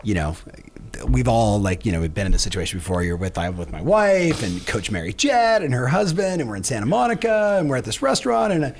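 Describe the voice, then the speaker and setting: A man hosts a casual podcast chat, and his pitch swings up and down as he talks. He backs up his guest with quick agreement and then tells his own story. His voice sits in the middle range for a man. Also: a little hiss or hum. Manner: chimes in with short agreement, lively pitch. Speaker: podcast host, real estate coach. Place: podcast studio.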